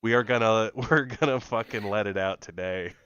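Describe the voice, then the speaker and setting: A man's voice: fairly low pitch, moderate pace, a bit bright, clean tone, dry recording, muffled recording. A man co-hosting a casual reaction podcast, sarcastic and profane, laughing often. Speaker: podcast co-host.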